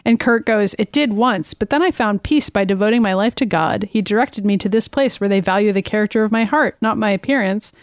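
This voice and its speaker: A woman's voice: mid-range voice, fairly quick, hardly any pauses, smooth, dry recording, studio quality. A young woman co-hosting a podcast, retelling a cartoon episode in casual chat and laughing often. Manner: animated, laughs often, retells scenes in quoted dialogue. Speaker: podcast co-host.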